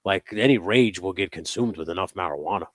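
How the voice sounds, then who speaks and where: Low-voiced man telling stories, dry sound. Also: fast, no room sound. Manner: profane, animated storytelling. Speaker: host. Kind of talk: casual chat. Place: home workshop.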